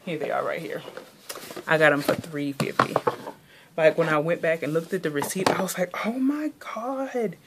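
A woman's voice: sits low, steady tone, brisk, pauses often, heavy background noise. A young woman from the American South, chatting casually in a haul vlog, rambling and filling her talk with "like". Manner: rambling, chatty, many "like" fillers. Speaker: vlogger.

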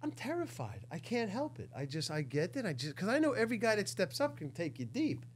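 An older man, a former pitcher, telling candid stories in a casual interview chat. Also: fast, slight background noise. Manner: animated storyteller, candid and self-deprecating.

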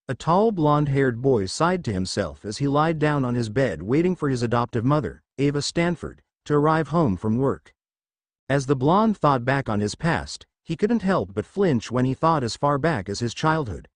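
Man, story narrator, fan fiction reading, animated pitch, dry close sound. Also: moderate pace, no room sound.

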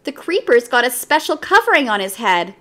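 Woman doing a bored rough young gorilla. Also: on the high side, very animated, a little fast, sharp tone. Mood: restless.

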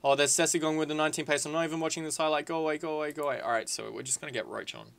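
A man giving casual, excitable gameplay commentary, swearing freely and calling his viewers lads and boys. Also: on the high side, very fast, vocal fry, clear, resonant tone. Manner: excitable, swears a lot, shouts at big moments. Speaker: gaming video creator.

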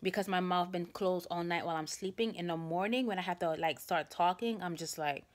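With a lowish voice and slightly fast delivery, a young woman vlogs to camera, rambling through a story. She's chatty and addresses viewers as "guys," but a sore jaw gives her trouble opening her mouth and makes talking hard.

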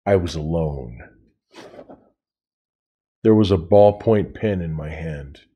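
A man reads a novel aloud in a low voice, taking his time. He tells it in the first person, like a storyteller. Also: takes it slowly, breathy edge, muffled recording. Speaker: reader. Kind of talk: audiobook reading of a novel.

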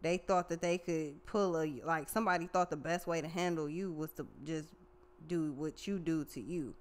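Woman tarot reader, fairly low voice, foul-mouthed, slangy, lively casual delivery. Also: moderate pace. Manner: profane, slangy and animated.

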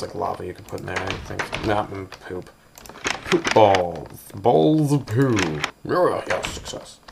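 A man's voice: sits low, gravelly, background noise. A man casually touring a game build, rambling and joking with goofy asides. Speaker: gameplay video host.

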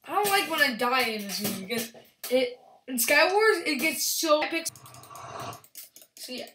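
A young woman giving excitable, rambling commentary over her own gameplay, yelling at opponents. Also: sits high, measured pace. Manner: excitable, restarts often, yells at opponents. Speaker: gaming channel host. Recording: echoey room with faint background hiss.

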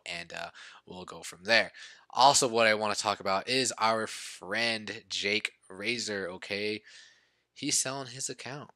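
A man giving casual commentary over a game he recorded, muttering at times and then bursting out loud, and a little short of breath. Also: fairly low pitch, moderate pace, creaky, no room sound, studio quality. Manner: excitable, swings from mumbling to outbursts. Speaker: gaming YouTuber.

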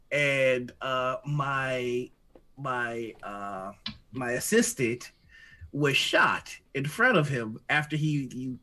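A man's voice: mid-range voice, a bit bright. A man co-hosting a live stream, chatting casually, joking and laughing often. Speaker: co-host. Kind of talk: casual chat.

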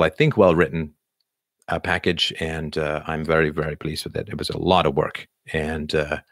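A middle-aged man hosts a live chat, rambling through viewer questions with plenty of fillers and restarts. His voice sits low, and the recording is dry with a clean studio sound.

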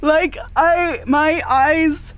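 A woman streaming a horror game, excitable and teary, shaky with nerves and yelping and laughing at each scare. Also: high voice, drawn-out words. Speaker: gaming streamer. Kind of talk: horror game let's play commentary.

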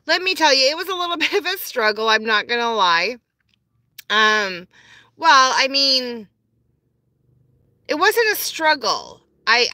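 A woman's voice: on the high side, bright, forceful tone, no echo. A woman from Canada, chatting on a live stream from her phone, greeting viewers and answering their comments. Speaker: vlogger.

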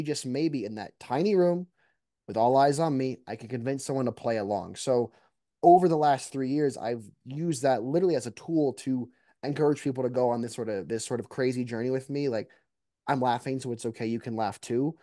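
Mock trial competitor, man, mellow tone, reflective and animated, dry sound. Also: mid-range voice, fairly quick, no room sound. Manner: reflective, animated, many restarts. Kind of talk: casual interview talk.

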